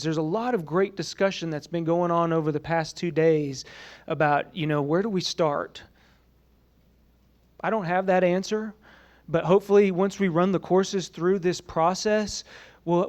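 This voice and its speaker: A man's voice: a little high, moderate pace. A man giving a conversational conference presentation to a room of colleagues, often saying "you know" and asking the audience questions. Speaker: presenter at a training summit.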